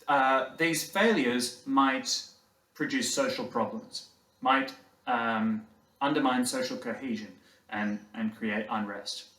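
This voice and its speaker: A man giving a university lecture in a lecture hall, conversational and halting, with many fillers. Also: medium pitch, expressive, bright, forceful tone. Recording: roomy hall, distant mic.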